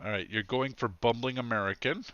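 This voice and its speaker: A man narrating a tabletop game as game master, lively and joking, often laughing. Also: mid-range voice, brisk, dry recording, highs cut off.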